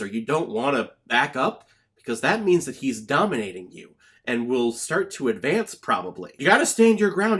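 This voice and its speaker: A man's voice: fairly high pitch, a bit bright. A young man giving a casual movie review vlog, blunt and opinionated with jokey rants.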